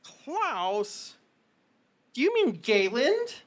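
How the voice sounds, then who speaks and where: A woman's voice: high-pitched, very animated, extremely slow, voice pushed up, heavily acted. A woman voicing a bossy, nagging older mother who scolds and drops Yiddish words. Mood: scolding. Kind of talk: tabletop role-play voice.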